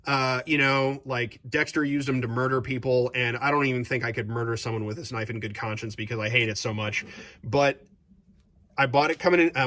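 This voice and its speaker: A young man casually reviewing his kitchen knives at home, animated and jokey, gushing over favorites and ranting about one he hates. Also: mid-range voice. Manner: enthusiastic, animated, jokey asides. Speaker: vlog host.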